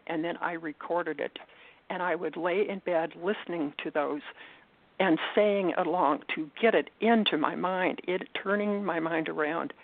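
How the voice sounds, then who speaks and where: An older woman giving an earnest personal testimony as an interview guest, halting and restarting as she talks. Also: lowish voice, vocal fry. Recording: tinny phone line, dry.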